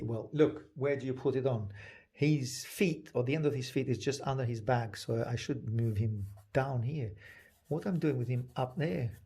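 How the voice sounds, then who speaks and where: A man giving a live painting demonstration, soft-spoken, thinking aloud, and often dropping to a whisper as he works. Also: medium pitch, husky. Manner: halting, thinking aloud with restarts. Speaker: painting teacher.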